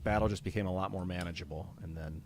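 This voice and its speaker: A man commentating his own card game on a live stream, thinking aloud about his moves in a casual, profane way and getting excited when thanking viewers. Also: low voice, fast talker, a little hiss or hum. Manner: reads out donor names with rising excitement.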